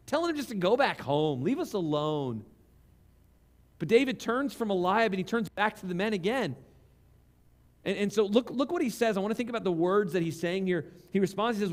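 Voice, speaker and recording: A man preaching a sermon in a church, reading scripture slowly and acting out the voices of the people in the story with growing energy. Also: sits high. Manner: animated preaching, acts out quoted voices, reads scripture slowly. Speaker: pastor. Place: church sanctuary.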